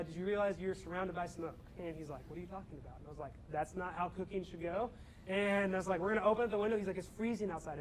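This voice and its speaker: This is a young man with a fairly high voice, speaking to students as a campus ministry speaker. He tells a story with lots of energy and acts out the characters as he goes. There is a faint noise in the background of the recording. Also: low-quality recording. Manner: animated storyteller, acts out his own shouting. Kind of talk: storytelling talk to a student audience.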